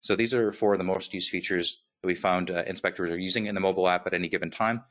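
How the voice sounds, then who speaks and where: Fast-talking low-voiced man with slight lisp. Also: steady tone, a bit bright. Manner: upbeat, quick, with filler "right?" checks. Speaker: software demo presenter. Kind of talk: webinar product walkthrough.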